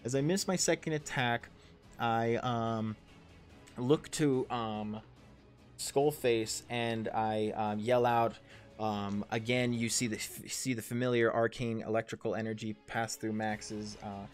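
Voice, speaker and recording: A man's voice: mid-range voice, fairly even intonation, unhurried, soft background music. Rambling man running a tabletop game. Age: 30s. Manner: rambling, full of ums and self-corrections, swears casually. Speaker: game master and player.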